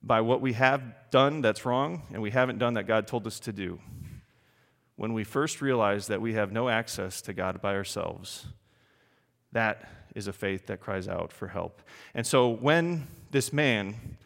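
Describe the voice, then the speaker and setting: A man preaching a sermon in an animated, emphatic way, often putting questions to his congregation. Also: mid-range voice, normal speed, long reverb tail. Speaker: pastor.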